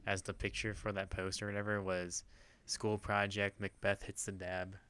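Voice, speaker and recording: A young man co-hosting a casual podcast chat, delivering dry sarcastic jokes in a deadpan way. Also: on the low side, moderate pace, background noise. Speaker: podcast co-host.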